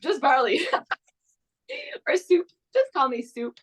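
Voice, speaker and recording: A woman's voice: sits high, lively intonation, takes it slowly. A young adult woman from Canada, a guest actress chatting casually in an interview, full of restarts and fillers.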